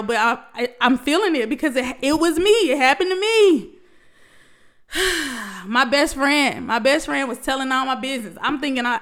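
Woman, high pitch, heartfelt motivational talk, preachy, emotional, talks straight to viewers. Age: adult, past college. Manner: emotional, preachy, addresses listeners as baby and y'all. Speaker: vlogger.

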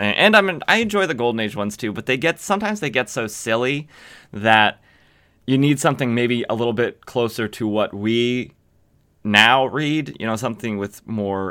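Guy with a lowish voice rambling thru a comic recap, lots of ums and restarts. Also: pushed and bright, clean tone. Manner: rambling, frequent fillers and self-corrections. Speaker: podcast host. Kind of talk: casual comic book recap.

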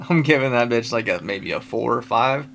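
A man's voice: mid-range voice, expressive, brisk, vocal fry, fairly bright tone, slight background noise. A man co-hosting a casual movie review podcast, blunt and profane, often answering in short remarks. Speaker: podcast co-host.

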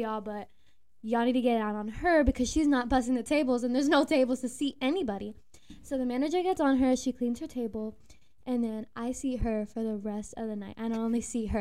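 A young woman, a former restaurant host, telling a work story in casual chat, animated and emphatic. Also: fairly high pitch. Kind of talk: casual storytelling among friends.

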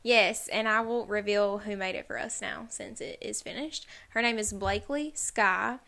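A young woman with a drawl co-hosts a casual podcast. Her voice is bright and a little tense, and she strings her stories together with "like" and "and then". The chat sounds loose and conversational. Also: mid-range voice, moderate pace, gravelly. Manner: rambling storyteller, heavy use of "like". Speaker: podcast co-host.

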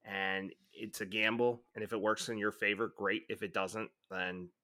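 A man's voice: fairly low pitch, level tone, moderate pace, sharp tone. Laid-back young man chatting sports. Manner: laid-back, rambling, heavy on fillers like "you know". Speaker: podcast co-host. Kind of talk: casual sports chat.

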